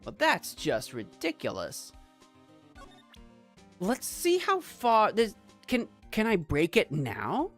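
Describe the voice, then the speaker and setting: A man streaming a game, giving playful, animated commentary and bantering with his chat. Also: sits high, slow pace, pauses often, faint music behind. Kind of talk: let's play commentary.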